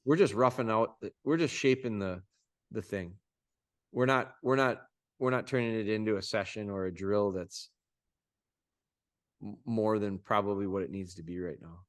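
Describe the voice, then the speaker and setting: A man coaching dog owners over a video call, talking in an informal, folksy way with quick restarts. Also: on the low side, no room sound, clean studio sound. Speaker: dog trainer coaching clients.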